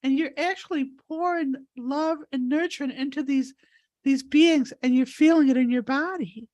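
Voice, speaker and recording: A woman's voice: sits high, normal speed, a little mellow. A woman hosting a live healing session over a video call, talking in an earnest, rambling way while crying. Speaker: spiritual healer and host.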